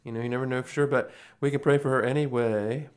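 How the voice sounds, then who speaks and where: A man's voice: mid-range voice, fairly even intonation, fast, noisy background. A man, hosting a live stream and chatting casually with viewers in a rambling, folksy way with chuckling asides. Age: 40s.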